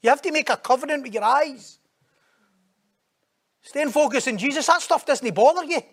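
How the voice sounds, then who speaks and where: A man preaching a sermon in an animated, conversational way, breaking into sudden loud, high bursts. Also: moderate pace.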